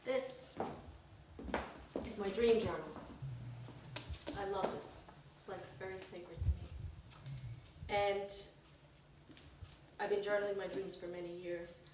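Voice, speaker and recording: A middle-aged woman performing a personal story live, lively and acting out the voices of the people in it. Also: medium pitch, takes it slowly, pauses often, noisy background. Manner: animated, acts out voices. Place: performance room. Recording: echoey room from far off.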